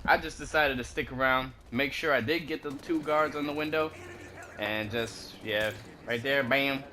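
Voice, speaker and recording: Give me a laid-back man doing casual game walkthrough commentary, slangy, mid-pitched, with faint background noise. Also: normal speed, sharp tone. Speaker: gaming commentator.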